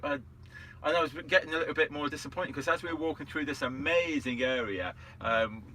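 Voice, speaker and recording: Bright-voiced rambling man. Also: a little high, a little fast, a little hiss or hum. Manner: rambling, laughs often. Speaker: co-host. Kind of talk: casual chat.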